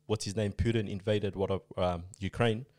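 A man's voice: lowish voice, steady tone, moderate pace, darkish tone, dry recording. A man in casual podcast chat, explaining at length with many fillers and asides. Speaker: podcast co-host.

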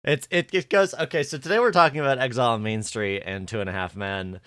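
Very deep, smooth-voiced man co-host. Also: no echo, clean studio sound. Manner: relaxed, a bit halting with restarts. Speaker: podcast co-host. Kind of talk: casual podcast chat.

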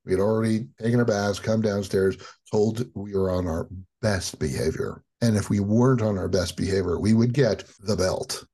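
A man as a podcast guest, telling a personal childhood story in a lively way and acting out the quotes. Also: fairly low pitch, moderate pace, hardly any pauses, slightly rough.

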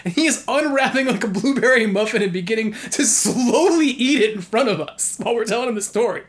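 A man from New York telling a story in casual chat, animated and laughing often, with many "like" fillers. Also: extremely high pitch, brisk. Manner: heavy use of "like" as filler.

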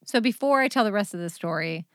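A woman's voice: mid-range voice, animated, fast, dry recording, clean studio sound. A mother hosting a podcast, chatting casually and rambling through funny family stories, often breaking into laughter. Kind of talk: casual chat, storytelling.

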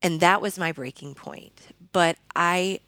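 A woman's voice: lowish voice, measured pace, pushed and bright, no room sound. A woman guest telling her personal faith story in an earnest, conversational way, with many fillers and restarts. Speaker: podcast guest.

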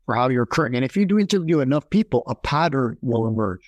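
A man speaking quickly as a guest on a podcast, in a close, dry recording with no room sound. He tells stories with energy and jumps into quoted voices as he goes. His pitch sits in the middle range. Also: no room sound. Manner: animated storyteller, acts out quoted voices. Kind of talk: conversational interview.

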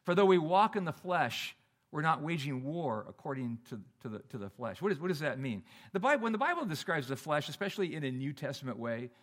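A middle-aged man delivers a sermon as a pastor, talking to the congregation as if he were chatting with them. His voice sits somewhat high and lifts and drops sharply for emphasis. He often stumbles and starts his phrases over. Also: fairly quick. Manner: conversational, animated preaching with restarts.

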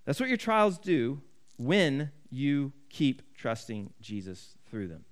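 A man's voice: medium pitch, big pitch swings, slow pace. A man preaching a sermon in an earnest, conversational way, often restarting his sentences. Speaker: pastor.

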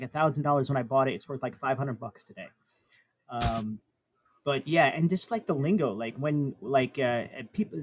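Rambling male co-host, mid-pitched. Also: a little hiss or hum. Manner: rambling, many fillers. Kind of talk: casual chat.

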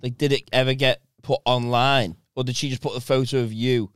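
A man, a podcast co-host in casual chat, cutting in with quick teasing remarks. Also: mid-range voice, fairly even intonation, a bit bright, clear, resonant tone, dry recording, clean studio sound.

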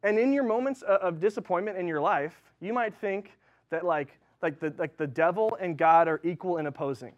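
High-voiced man preaching casually. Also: brisk, muffled recording. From Southern California. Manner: casual, conversational, filler-heavy with likes and ums. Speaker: pastor. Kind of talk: sermon. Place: church.

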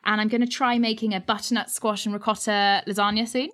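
A woman's voice: on the high side, fairly even intonation, fast, a bit bright. A woman hosting a podcast, upbeat and chatty, laughing easily. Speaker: podcast host. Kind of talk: casual chat.

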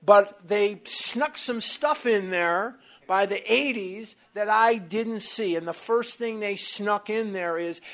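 Speaker from the US, recovery workshop talk, personal storytelling, blunt, animated, mild swearing, meeting room, middle pitch. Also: takes it slowly, few pauses.

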